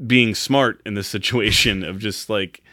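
A man's voice: lowish voice, fairly even intonation, unhurried, bright, forceful tone, dry recording, clean studio sound. A man on a podcast casually recapping a movie, joking and swearing as he acts out the characters' lines. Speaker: podcast co-host.

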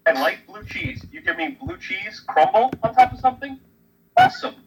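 A man's voice: extremely high pitch, very animated, brisk, vocal fry, rough recording. A young man co-hosting a casual chat, blunt and emphatic in his opinions. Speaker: podcast co-host.

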